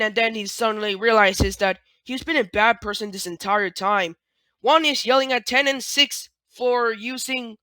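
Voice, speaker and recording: Bright voice, dry close sound, casual retelling, rambling, hesitant, many fillers. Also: mid-range voice, no room sound. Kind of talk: casual retelling of cartoon scenes.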